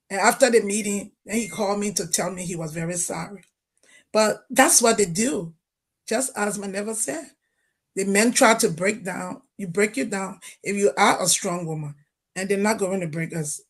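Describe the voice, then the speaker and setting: A woman's voice: mid-range voice, normal speed. A Liberian woman speaking on a livestream panel, telling a story firmly and with emphasis over a remote call connection that keeps cutting in and out.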